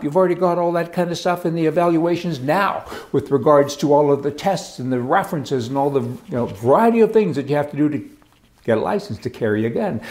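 A man's voice: a little high, darkish tone. A man hosting a talk monologue, telling stories casually and adding sarcastic asides. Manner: chatty storytelling, sarcastic asides. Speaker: talk show host. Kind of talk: casual political commentary monologue.

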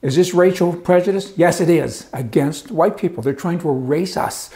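A man's voice: a little high, moderate pace, dark tone. An older man delivering a sarcastic opinion monologue, ranting and chuckling as he talks. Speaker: commentary host.

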